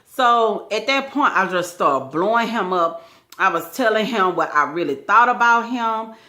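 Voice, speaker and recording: A woman's voice: mid-range voice, unhurried. A woman vlogger telling a personal story in a casual, slangy way, often quoting the people involved. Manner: animated, slangy retelling with acted quotes.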